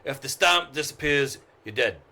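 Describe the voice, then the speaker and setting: A man's voice: mid-range voice, animated, normal speed, vocal fry, sharp tone, heavily acted. A man voicing a large, laconic male bartender who answers curtly. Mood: matter-of-fact. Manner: curt, answers with "aye".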